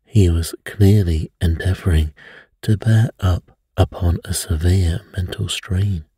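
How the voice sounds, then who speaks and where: A man reading a mystery aloud as a bedtime story in a soft, soothing way. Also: low voice, unhurried, husky, no room sound, studio quality.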